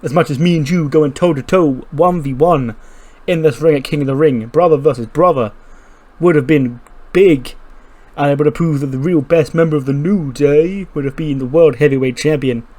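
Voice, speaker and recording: A man's voice: on the high side, normal speed, darkish tone, natural voice. A man voicing a laid-back, loyal male pro wrestler with easygoing, slangy talk.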